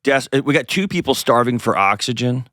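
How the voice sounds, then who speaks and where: A man's voice: medium pitch, animated, brisk, fairly bright tone, no echo, clean studio sound. A man hosting an advice call-in show, talking in a direct, coaching way with playful asides. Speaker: host.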